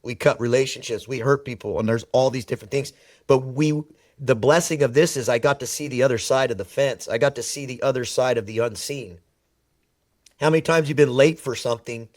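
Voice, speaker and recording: Animated male storyteller, dry sound. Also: mid-range voice, a little fast, no room sound. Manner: animated storyteller who acts out quoted dialogue; emphatic, repeats words for effect. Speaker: podcast guest. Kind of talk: personal storytelling in conversation.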